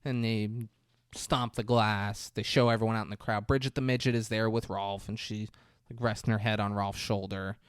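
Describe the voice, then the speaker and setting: A man's voice: fairly low pitch, fairly even intonation, normal speed, clear, resonant tone, no room sound, studio quality. A man hosting a podcast, casually recapping a movie in a rambling, profane storytelling way. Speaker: podcast host.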